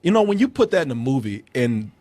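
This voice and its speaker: A man hosting a film review podcast, talking in casual chat, excitable and laughing often, with many restarts. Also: mid-range voice, fast talker, dry recording.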